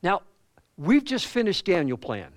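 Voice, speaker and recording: A pastor with a Southern US accent preaching a sermon in a conversational way, with asides and questions to the congregation. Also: male voice, sits high, huge pitch swings, unhurried, no echo. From American South.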